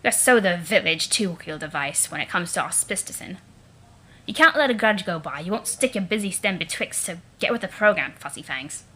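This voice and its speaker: A woman's voice: on the low side, lively intonation, normal speed, bright, forceful tone. A cocky young male troll , put on by a woman reader, speaks in a mangled British accent that leans vaguely Liverpool or Cockney. He swaggers, sneers and swears through every line. He sounds like a brash, self-important prince from a webcomic. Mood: sneering.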